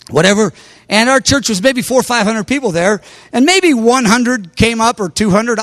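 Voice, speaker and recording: A man's voice: high-pitched, fairly bright tone, dry recording. A man preaching, telling a story with animation and raising his voice when he quotes others. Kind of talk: sermon testimony.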